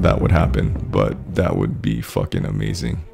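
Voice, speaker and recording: A man ranting in a casual, profane, rambling way that builds to excited shouting. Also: low voice, normal speed, gravelly, hardly any pauses, loud music behind the voice. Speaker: vlogger.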